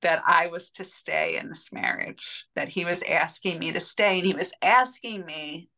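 A woman talks through a personal story on a podcast, candid and rambling, with little laughs breaking in. Her voice sits on the low side but comes across bright and forceful. The recording sounds dull and lo-fi. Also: measured pace, creaky. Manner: candid, rambling, with frequent fillers and soft laughs. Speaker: podcast guest.

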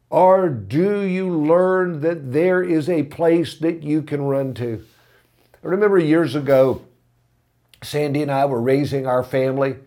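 Male pastor, slow deliberate sermon delivery, slightly raised pitch, earnest and building to passion. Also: mellow. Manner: earnest storytelling that rises to impassioned emphasis.

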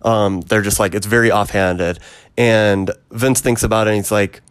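A man in casual chat, retelling a film's plot in a rambling way with many ums and quick acted quotes. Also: on the low side, fairly even intonation, clean tone. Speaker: podcast co-host recapping a film.

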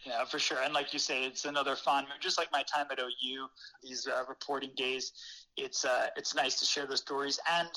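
Bright-voiced man telling a story. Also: mid-range voice, a little fast, poor audio. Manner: animated, laughing often, many fillers. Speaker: interview guest, former newspaper reporter. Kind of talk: casual storytelling.

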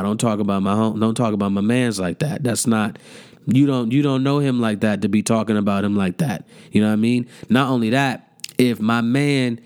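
A man's voice: medium pitch, clear, resonant tone. A man hosting a podcast, ranting in a heated, profane, mocking way with lots of repetition. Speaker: podcast host. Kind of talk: casual rant.

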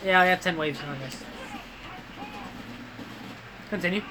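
A young man joking and reacting excitably while friends play a game. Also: sits high, measured pace, background noise. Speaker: gaming friend. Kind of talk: casual chat while gaming.

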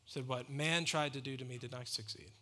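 Bright-voiced man preaching with emphasis. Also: medium pitch, brisk. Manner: earnest, emphatic preaching with rhetorical questions. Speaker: pastor. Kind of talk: sermon.

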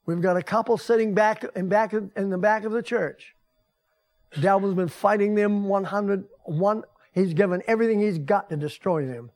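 High-voiced older man preaching. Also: normal speed, a little mellow. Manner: folksy, conversational preaching with rising emphasis. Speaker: pastor. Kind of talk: sermon. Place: church sanctuary.

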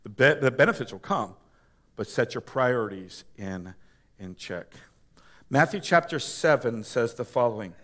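A man's voice: medium pitch, expressive, moderate pace. A man preaching a sermon, emphatic, asking the congregation to answer back. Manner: call-and-response with congregation, emphatic, rising to loud.

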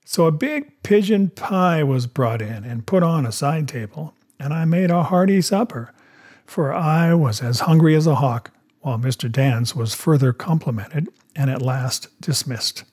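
A man reading a storybook aloud in a steady first-person narration. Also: fairly high pitch, a little slow, slightly rough. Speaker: audiobook narrator. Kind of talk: scripted narration.

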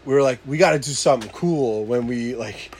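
A man casually telling a rowdy story with lots of swearing, shouting out the lines he quotes. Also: medium pitch, a little fast, breathy edge. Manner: animated, swearing, loud acted-out quotes. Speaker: podcast co-host telling a story.

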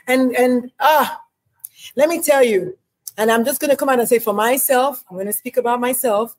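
A woman's voice: high-pitched, a little fast, low-quality recording. A woman speaking as a mother on a panel, blunt, confessional and emphatic about her own mistakes. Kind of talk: conversational panel talk.

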